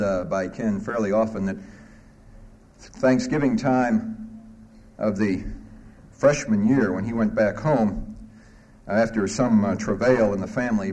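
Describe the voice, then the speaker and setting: A man with a fairly low voice introduces the next speaker at a conference. He tells an anecdote in a halting way and fills his pauses often. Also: a little mellow. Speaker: moderator.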